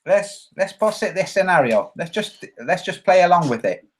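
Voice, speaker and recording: A man's voice: big pitch swings, normal speed. A man hosting a casual livestream, rambling and joking, reading viewer comments aloud and acting out quoted voices. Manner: acts out quoted voices with big pitch jumps. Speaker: livestream host.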